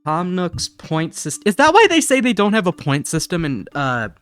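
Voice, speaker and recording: A man's voice: high voice, wildly swooping pitch, moderate pace, fairly bright tone, smooth. A man giving casual gaming commentary as a streamer, goofy and self-mocking, sometimes slipping into a silly put-on accent. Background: game music.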